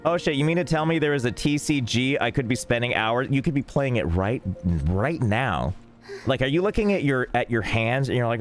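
A young man casually streaming a game, rambling and joking in deadpan asides. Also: mid-range voice, fairly quick. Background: faint game music.

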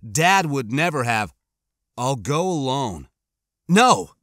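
A man voicing an anxious thirteen-year-old boy prisoner, tense and defiant, with his voice pitched up. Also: very animated, a little slow, pushed and bright, no room sound, clean studio sound. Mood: urgent.

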